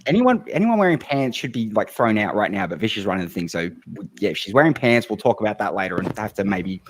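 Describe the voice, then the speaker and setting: A man's voice: on the low side, very animated, fast talker, noisy background. A man hosting a comedic podcast over an online call, joking playfully and laughing often. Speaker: host.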